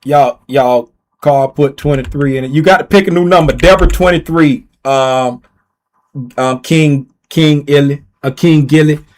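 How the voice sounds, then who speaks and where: A man with a notably high voice chats loosely on a livestream. He reads viewers' names and questions out loud, often saying things twice. He teases the audience in a relaxed, offhand way. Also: unhurried. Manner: reads viewer names aloud and repeats himself while typing; playful, teasing. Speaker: livestream host running a giveaway. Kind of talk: casual livestream chat.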